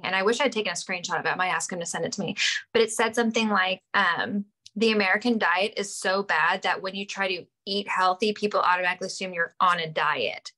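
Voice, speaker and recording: A woman on a casual business call telling a story in an animated way. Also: medium pitch.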